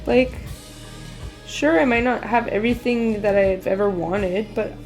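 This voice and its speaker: A woman's voice: medium pitch, measured pace, darkish tone, soft background music. A young woman streamer chatting candidly and emotionally with her viewers as she paints. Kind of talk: casual livestream chat.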